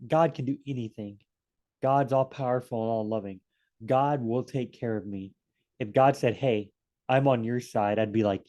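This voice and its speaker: A man's voice: medium pitch, a little mellow. A man teaching a casual Bible study, rambling, correcting himself and acting out quoted lines. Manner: rambling and self-correcting, acts out quotes in different voices.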